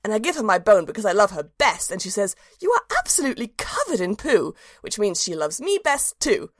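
A woman's voice: medium pitch, big pitch swings, fairly quick, no echo, studio quality. A woman narrating a storybook in the voice of a cheerful, simple-minded little dog, earnest and childlike.

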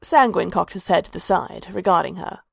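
A woman narrating a story aloud in a steady, low-key reading. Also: normal speed, gravelly, slightly rough, no echo, clean studio sound. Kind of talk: storybook fan-fiction reading.

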